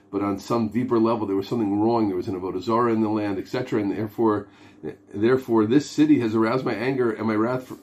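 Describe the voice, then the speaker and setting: A man's voice: lowish voice, a little mellow, slight background noise. A man teaching an informal lesson on prayer as a rabbi, earnest, his English full of Hebrew and Yiddish terms. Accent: Hebrew and Yiddish words in English speech. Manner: earnest, mixes Hebrew and Yiddish terms, acts out pleading voices.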